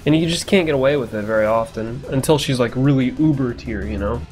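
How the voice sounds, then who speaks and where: A man's voice: mid-range voice, fast, darkish tone, faint music behind. A man giving casual, rambling let's-play commentary, swearing now and then and chuckling to himself. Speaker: gameplay commentator.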